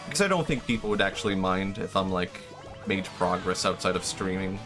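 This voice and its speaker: A man with a lowish voice talks casually while he streams a game. He rambles and thinks out loud, full of fillers and restarts. Game music plays clearly behind him. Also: fairly quick. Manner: chatty, thinks aloud with frequent fillers. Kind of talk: casual gameplay commentary.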